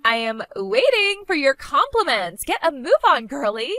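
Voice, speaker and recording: A woman's voice: high-pitched, sing-song, moderate pace, a bit bright, no echo, pitched above the performer's own voice, full character voice. A woman voicing a spoiled, bratty young woman who taunts her older sister in a mocking, sing-song way. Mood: demanding. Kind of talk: animated story voice acting.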